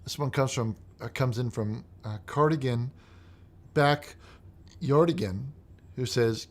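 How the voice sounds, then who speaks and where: A man hosting a comedic call-in show in the style of a preacher. He swings between mumbled reading of messages and loud, exasperated ranting. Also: medium pitch, takes it slowly, pauses often.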